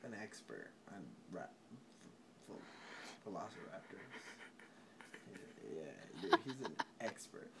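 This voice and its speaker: A drunk man rambling through a movie plot, swearing often, laughing and breaking into sudden loud outbursts. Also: mid-range voice, noisy background. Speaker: storyteller.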